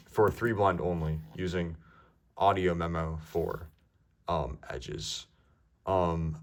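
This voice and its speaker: A young man giving casual, ranty speedcubing tips, rambling with many fillers. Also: low-pitched. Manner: rambling, lots of ums and likes.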